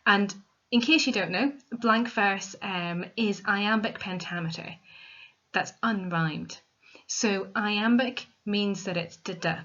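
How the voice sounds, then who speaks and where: A woman teacher giving a recorded literature lesson, explaining step by step in a clear, methodical way. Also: mid-range voice, a little slow, a bit bright. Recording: dull lo-fi recording.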